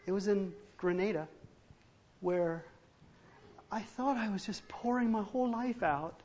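A man's voice: high voice, unhurried, a little mellow, highs cut off, slight background noise. A man preaching a sermon as pastor, earnest and emphatic, often restarting phrases as he drives a point home.

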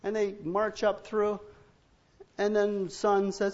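A man's voice: high voice, completely flat delivery, slow, darkish tone, slight background noise. Man preaching on a muffled recording. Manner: storytelling, acts out biblical and household dialogue in different voices; humorous asides to the congregation. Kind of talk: sermon.

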